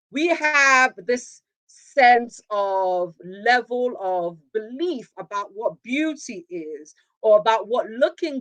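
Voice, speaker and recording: A woman's voice: a little high, low-quality recording. A woman in her thirties hosting a motivational podcast, speaking earnestly with rhetorical questions and repeated phrases for emphasis. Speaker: podcast host. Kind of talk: reflective motivational monologue.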